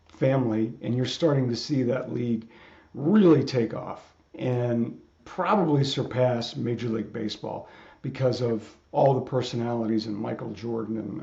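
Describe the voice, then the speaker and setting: Mellow-voiced host in an echoey room. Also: male voice, mid-range voice, creaky. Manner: chatty, rambling questions with laughs. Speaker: interview host. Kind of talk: casual interview. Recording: dull echoey room sound.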